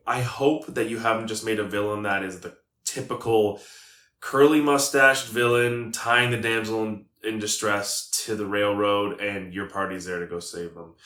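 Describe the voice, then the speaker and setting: A man's voice: on the low side, moderate pace, pushed and bright. A man hosting a casual advice vlog on running tabletop games, joking and talking straight to his viewers. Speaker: tabletop game master and video host. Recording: echoey room with faint music.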